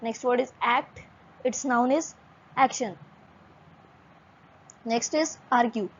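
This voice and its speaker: A woman teaching English vocabulary in a measured lesson, listing words one by one and spelling some out letter by letter. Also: fairly high pitch, slightly rough, highs cut off.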